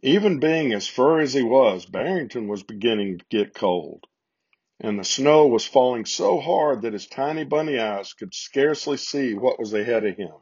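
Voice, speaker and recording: Husky man reading a storybook. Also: mid-range voice, expressive, moderate pace, a little mellow. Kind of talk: reading a children's Christmas story aloud. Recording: slightly muffled lo-fi recording.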